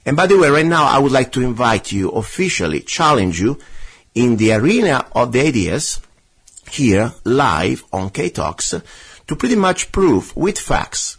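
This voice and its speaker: A man's voice: medium pitch, slightly rough. A man with a foreign accent hosting a talk radio show, arguing his case with passion. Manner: impassioned, argumentative, rebutting a listener letter.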